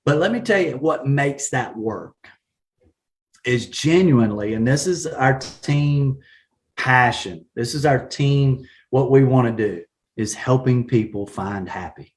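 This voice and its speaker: A man with a Southern accent from South Carolina, talking in a folksy, animated way with frequent laughs in a casual live-stream chat. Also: medium pitch, unhurried. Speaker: guest, real estate agent.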